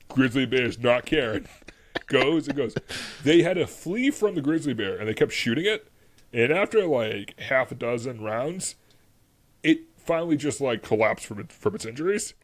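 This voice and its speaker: A man's voice: medium pitch, animated, unhurried. A man co-hosting a casual history podcast, telling the story in a loose, rambling way, full of "like" and frequent laughs. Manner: rambling, lots of "like", laughs often. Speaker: podcast co-host.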